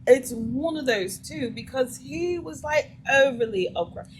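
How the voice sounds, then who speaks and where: A woman's voice: high-pitched, expressive, measured pace, slight background noise, poor audio. A woman hosting a vlog, reacting to a clip with blunt, emphatic opinions in a casual way. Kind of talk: casual commentary.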